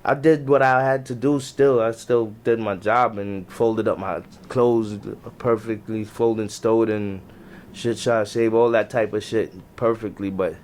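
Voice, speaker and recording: A man's voice: lowish voice, steady tone, a little slow, a little mellow. A man with a New York accent, a podcast guest telling military stories in casual slang, often restarting his sentences. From Jamaican family. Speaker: podcast guest, navy veteran. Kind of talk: casual storytelling chat.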